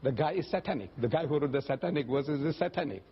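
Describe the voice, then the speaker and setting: An older man with a husky voice talks quickly during a public lecture Q&A on religion, answering audience questions. He tells stories with animation, often leaping up in pitch to act out the voices he quotes. The lecture recording is dull and lo-fi.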